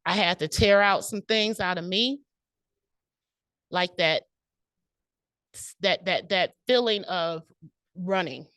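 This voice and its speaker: A woman's voice: on the low side, slow, pauses often, fairly bright tone, no echo. Emotional woman giving a club speech. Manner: personal, laughing often, emotional. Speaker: club speaker. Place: meeting room.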